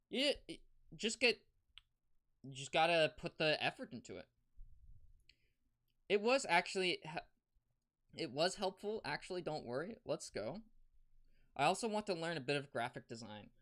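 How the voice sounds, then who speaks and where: A streamer giving casual advice on a livestream, rambling and halting, with many restarts and fillers. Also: mid-range voice, fairly bright tone.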